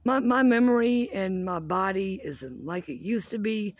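A woman in her fifties rants at home about everyday annoyances, in a rambling, foul-mouthed, self-mocking way. Her voice sits at a middling pitch, and the sound is dry and close. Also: measured pace, no room sound. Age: 50s. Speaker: vlogger. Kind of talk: casual rant.

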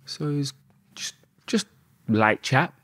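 A man, a podcast guest telling a story in an animated way and swearing often. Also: medium pitch, slow pace, no room sound.

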